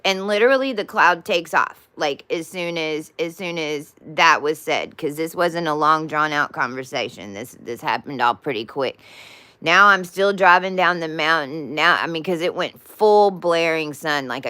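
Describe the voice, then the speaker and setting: A woman's voice: deep voice, unhurried, sharp tone, no echo. A woman telling a spiritual story in a casual, rambling way with many restarts and asides. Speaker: spiritual vlogger.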